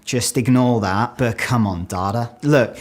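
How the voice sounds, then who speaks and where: A British man from the UK talks in a casual, self-mocking video, chatty and animated as he tells his story. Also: mid-range voice, a little slow. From United Kingdom. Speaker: video creator. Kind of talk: casual talking-head video.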